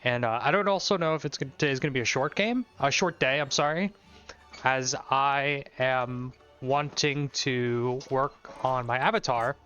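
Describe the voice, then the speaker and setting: A young man rambling casually through his gameplay stream, his voice smooth and clear. The mic sound is a touch dull, with faint music playing underneath. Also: mid-range voice, moderate pace, sharp tone.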